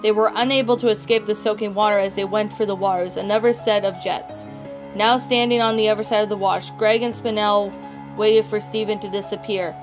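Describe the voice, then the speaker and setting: A woman's voice: medium pitch, steady tone, fairly quick. A woman reading a fan fiction story aloud, often stumbling and restarting words. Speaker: story narrator. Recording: background music throughout.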